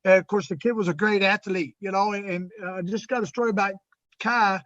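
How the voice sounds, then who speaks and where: Man, coach, high-pitched, dry, muffled lo-fi sound, animated storytelling. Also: brisk, dry recording. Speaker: high school football coach. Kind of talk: casual storytelling. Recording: dull lo-fi audio.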